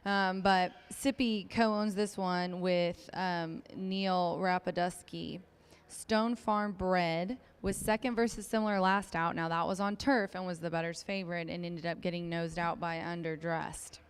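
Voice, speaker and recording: A woman's voice: lowish voice, fairly even intonation, unhurried, clear, resonant tone. A woman working as a racetrack handicapper, giving a chatty, upbeat race preview with frequent ums.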